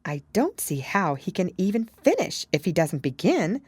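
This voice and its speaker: Woman doing a curious little girl, earnest, high and lively, dry close sound. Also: normal speed, breathy edge, no echo. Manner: bright, earnest, sometimes indignant. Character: polite, curious young girl. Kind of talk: audiobook character reading.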